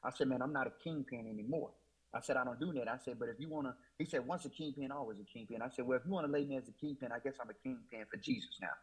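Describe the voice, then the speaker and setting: A husky, medium-pitched man talks very fast on poor audio. He is a guest giving an emotional, repetitive account of his faith, speaking in a Southern US Black church style and often quoting himself with "I said."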